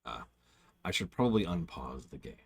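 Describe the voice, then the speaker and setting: A man's voice: extremely low pitch, sing-song, normal speed, vocal fry, breathy edge. A man giving casual live commentary while he plays a video game, rambling, correcting himself and talking to himself as he looks for his way. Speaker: game streamer.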